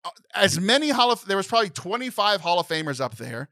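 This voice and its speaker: A man's voice: sits high, sing-song, fast talker, bright, forceful tone, no echo. A young man co-hosting a podcast in casual chat, emotional and close to tears, rambling with many restarts. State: tearful. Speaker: podcast co-host.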